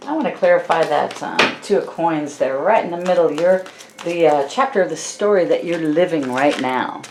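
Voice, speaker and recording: A woman giving a channeled tarot reading, speaking softly and affectionately to her listeners with slow, drawn-out phrasing. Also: on the low side, a little hiss or hum. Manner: soft, affectionate, addresses listeners as "my loves". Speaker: tarot card reader.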